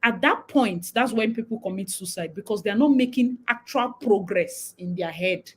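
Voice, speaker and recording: A young Nigerian woman with a Nigerian accent hosts a casual livestream chat, animated and occasionally mixing in Nigerian Pidgin. Her husky voice is mid-range at a normal speed, and the recording is low quality.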